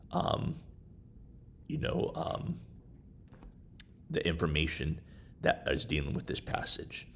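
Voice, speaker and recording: A man giving a casual screen-share tutorial on study software, talking in a halting way with many fillers. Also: a bass voice, vocal fry, a little hiss or hum. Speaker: instructor. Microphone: desktop microphone while screen recording.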